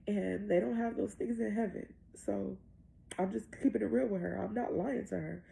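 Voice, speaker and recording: A woman voicing a casual, persuasive male devil in her own gravelly voice. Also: medium pitch, normal speed, mellow, poor audio.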